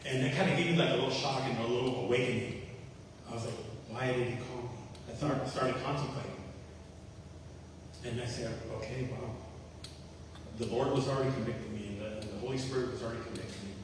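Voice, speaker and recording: Speaking quickly with fairly even intonation in a mid-range voice, a man delivers earnest testimony at a church recovery meeting. He acts out the conversations he recalls and repeats key phrases. Faint hiss, a distant mic, and an echoey hall mark the audio.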